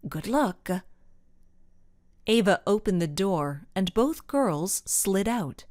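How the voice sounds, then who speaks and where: Expressive woman narrating a storybook. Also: medium pitch, slow pace, dry recording, studio quality. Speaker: audiobook narrator. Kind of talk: scripted narration.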